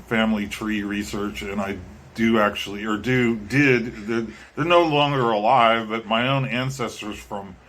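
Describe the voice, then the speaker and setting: A man chats casually to his viewers, drifting from thought to thought. He hesitates often, filling gaps with ums and restarting his sentences. His pitch sits at an ordinary middle for a man. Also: fairly bright tone. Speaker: vlogger and musician. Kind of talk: casual talk to camera.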